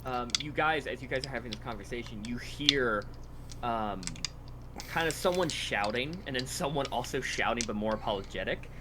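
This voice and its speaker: A man narrating a tabletop game as game master, halting with frequent fillers. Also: medium pitch, a crowd in the background.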